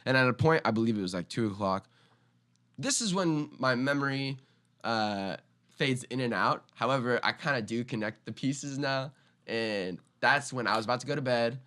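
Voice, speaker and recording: A young man, a skateboarder guest on a podcast, telling a story casually and acting out the quoted lines in loud, animated voices. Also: mid-range voice, normal speed.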